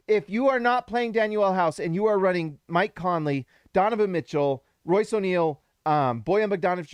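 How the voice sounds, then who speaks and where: A man with a high, bright-pitched voice hosts a live post-game reaction stream, talking in emphatic bursts that climb toward shouting. His voice is starting to go hoarse. The sound is dry and close to the mic. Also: no echo. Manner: animated, emphatic, rises to shouts when hyped. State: voice going hoarse. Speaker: basketball show host.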